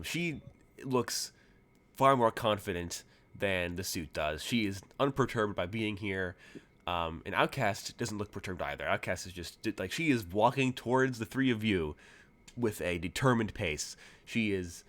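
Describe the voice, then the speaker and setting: A man's voice: fairly low pitch, animated, moderate pace, a bit bright. A man narrating as game master in a tabletop game, casual and full of fillers.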